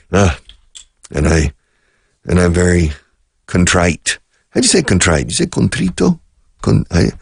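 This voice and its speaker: A deep, husky middle-aged man teaches a radio English lesson. He talks slowly and repeats phrases, switching between English and Spanish. The sound is close and dry, with a gravelly edge. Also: no echo.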